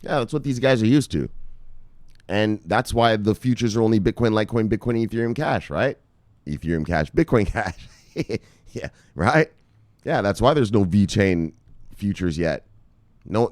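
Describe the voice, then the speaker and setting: A man from Canada vlogs about crypto news in a low, lively voice that leaps up and down as he gets worked up. He swears freely, repeats phrases and calls his viewers brothers. The sound is dry and close, with no room echo. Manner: excitable, profane, repeats himself, addresses viewers as brothers. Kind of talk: animated profane crypto commentary.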